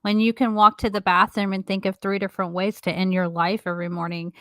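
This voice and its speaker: A woman's voice: medium pitch, little pitch movement, quick pace, a bit bright, dry recording, clean studio sound. A woman in her thirties co-hosting a casual chat podcast, speaking earnestly and frankly, with some swearing. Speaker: podcast co-host.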